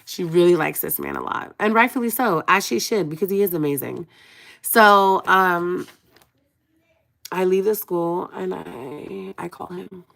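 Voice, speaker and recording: A woman's voice: fairly low pitch, a little slow, creaky, fairly bright tone. Confiding young woman on a livestream. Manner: emotional, confiding, talks to viewers as y'all. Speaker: vlogger on a live stream. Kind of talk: casual storytime on a livestream.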